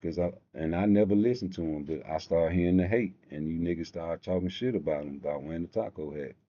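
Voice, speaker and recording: A man's voice: low voice, fast, warm tone. A man hosting a live stream, rambling through profane stories in a casual rant. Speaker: live show host. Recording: dull lo-fi stream audio.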